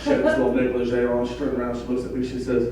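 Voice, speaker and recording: A middle-aged man doing a stand-up comedy set in a club, delivering crude jokes in a deadpan way. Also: mid-range voice, racing, noisy background. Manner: crude deadpan one-liners. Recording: echoey club from far off, crowd laughter. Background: audience laughing.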